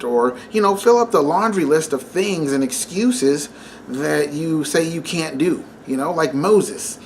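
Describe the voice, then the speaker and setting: A man's voice: sits high, normal speed, a little mellow, slight background noise. A man in his thirties gives a casual devotional talk, speaking conversationally with lots of fillers and laughing as he tells a story. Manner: conversational, many fillers, laughs while telling. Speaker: Christian vlogger.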